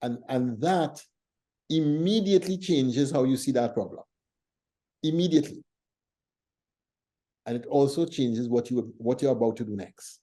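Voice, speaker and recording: A man hosting a faith talk show, teaching and telling stories in a thoughtful, measured way. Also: mid-range voice, warm tone. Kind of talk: reflective conversational teaching.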